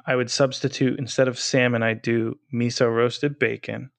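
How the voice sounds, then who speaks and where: A man's voice: mid-range voice, little pitch movement, normal speed, gravelly. A man co-hosting a podcast, chatting casually and rambling with restarts. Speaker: podcast co-host. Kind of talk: casual chat.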